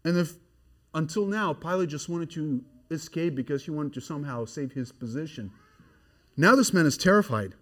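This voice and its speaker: A man preaching an expository sermon, swinging from hushed, grave passages to loud, excited emphasis. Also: on the high side, normal speed.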